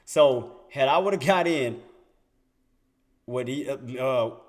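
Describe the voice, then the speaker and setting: A man's voice: mid-range voice, expressive, takes it slowly. A young adult man giving casual, emphatic commentary on trading charts, repeating himself and firing rhetorical questions at his viewers. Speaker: day trader streaming market commentary. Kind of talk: casual screen-share commentary.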